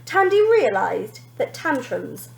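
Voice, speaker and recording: A woman teacher reading a children's storybook aloud, lively and expressive, pointing out the pictures. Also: high voice, slow pace, vocal fry, echoey room, a little hiss or hum, rough recording.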